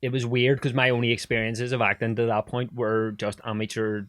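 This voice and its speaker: A man's voice: medium pitch, flat delivery, brisk, fairly bright tone, no echo. A young man in his twenties from Ireland, an actor guesting on a podcast, rambling casually and swearing now and then. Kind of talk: casual chat.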